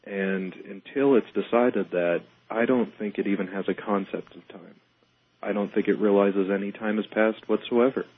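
A man talking as a paranormal investigator on a radio show, explaining calmly and in measured terms. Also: on the low side, husky, dry recording, narrow, tinny audio. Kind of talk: casual radio talk.

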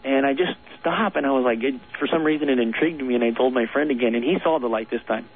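A man of middle pitch calls in to a radio show and tells a long ghost story, earnest and rambling, with small nervous laughs. His voice is thin and tinny, squeezed through a phone line on the air. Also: fast talker, breathy edge. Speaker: caller.

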